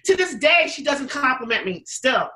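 A woman talking through her story in a relaxed interview, her voice bright and a little high. She rambles with fillers and restarts and slips into quick impressions of what people said. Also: rough recording. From United States. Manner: chatty, many fillers and restarts, acts out quotes. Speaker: interview guest, pizza business owner.

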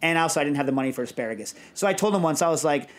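A man hosting a podcast in casual chat, telling digressive, animated stories. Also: a little high, racing. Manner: rambling, digressive, animated storyteller. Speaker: podcast host.

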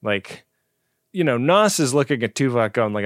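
A man co-hosting a comedy podcast, retelling a TV plot in a loose, rambling way. His pitch is ordinary for a man. The sound is close and dry. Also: big pitch swings, normal speed, dry recording. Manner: laid-back, lots of "like" and "uh", laughs easily. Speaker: podcast co-host. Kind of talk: casual comedic recap chat.

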